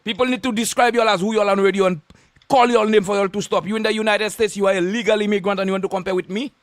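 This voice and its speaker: A man with a Saint Lucian accent rants on the radio, his voice sitting unusually high for a man. He hurls insults and keeps repeating his warnings in a combative, confrontational way. The sound is dry, with no room echo. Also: steady tone, fast talker. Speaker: radio host. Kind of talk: on-air rant.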